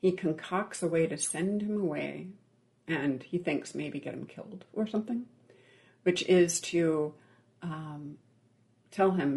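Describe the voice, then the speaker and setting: At a mid-range pitch, a gravelly-voiced meditation teacher delivers a Buddhist dharma talk. The speech is measured and pause-heavy, with regular "right?" check-ins, and important words fade to a near-whisper.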